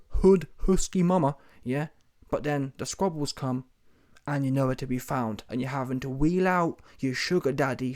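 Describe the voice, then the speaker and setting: A man's voice: mid-range voice, a little mellow. A man doing a brash, mocking commentary rant full of street slang. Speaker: commentary vlogger.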